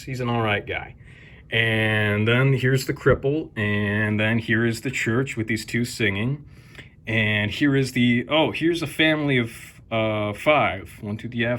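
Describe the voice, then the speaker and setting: A man's voice: medium pitch, a bit bright. Wisecracking man giving a casual tour. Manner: wisecracking, crude, rambling with fillers. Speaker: video host. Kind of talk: casual show-and-tell narration.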